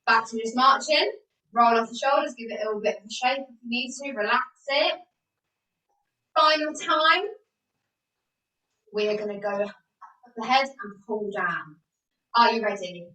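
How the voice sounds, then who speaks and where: Woman instructor, higher voice, slow and clear, cueing moves; echoey room, far from the mic. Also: pushed and bright. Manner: encouraging, counting out moves. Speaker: fitness instructor. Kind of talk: leading an exercise class. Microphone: video call.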